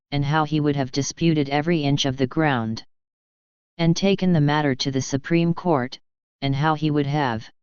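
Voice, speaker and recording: A narrator reading a novel aloud slowly and carefully for English learners. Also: medium pitch, smooth, no echo. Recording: slightly dull, dry recording.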